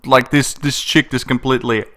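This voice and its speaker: A man's voice: mid-range voice, fairly even intonation, moderate pace, bright, forceful tone. Joking, blunt man hosting a live Q&A. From South Africa. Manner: joking, laughs often, crude and blunt. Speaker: channel host answering viewer questions. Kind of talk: casual live-stream Q&A.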